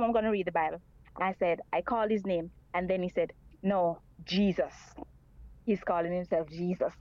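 A woman's voice: lowish voice, no room sound, dull audio. A woman calling in to a radio talk show, speaking earnestly and repeating her points. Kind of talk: call-in radio chat.

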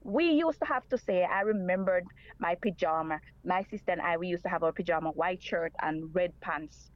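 A woman's voice: on the low side, moderate pace, no room sound, muffled recording. A woman calling in to a radio talk show, speaking earnestly and repeating her points. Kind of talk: call-in radio chat.

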